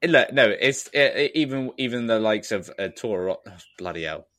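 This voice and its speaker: A man's voice: fairly low pitch, animated, normal speed, fairly bright tone, no echo, studio quality. A man co-hosting a podcast, chatting casually in a rambling, self-deprecating way with frequent laughs. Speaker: podcast co-host. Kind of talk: casual chat.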